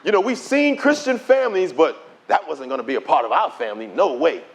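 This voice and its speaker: Lively, high-voiced preacher man telling his story. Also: fairly quick, creaky. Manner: animated storytelling, acts out dialogue in quoted voices. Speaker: preacher giving testimony. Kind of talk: preached testimony to a conference audience.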